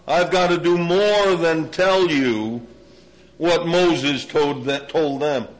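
Older male preacher, high voice, animated storyteller, sermon delivery. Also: takes it slowly, low-quality recording. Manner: animated storytelling, pitch drops low for emphasis.

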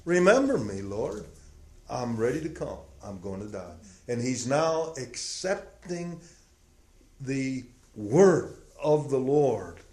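A man preaching a sermon, acting out quoted prayers and swinging between loud, emphatic lines and hushed ones. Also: medium pitch, very animated, slow. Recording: roomy echo.

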